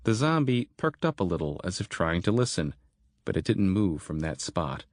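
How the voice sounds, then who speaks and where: A man narrating a horror audiobook in a steady, measured storytelling manner. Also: low voice, dry recording, studio quality.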